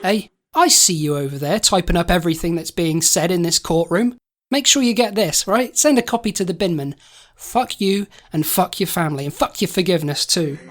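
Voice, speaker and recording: A man's voice: high voice, brisk. A man, co-hosting an improvised comedy podcast, brash and sweary. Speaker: podcast co-host.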